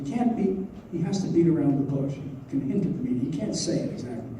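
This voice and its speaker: A man's voice: fairly high pitch, lively intonation, quick pace, dark tone, a little hiss or hum. A male professor giving a university lecture who explains a novel and reads passages aloud. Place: lecture hall. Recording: echoey lecture hall from far off.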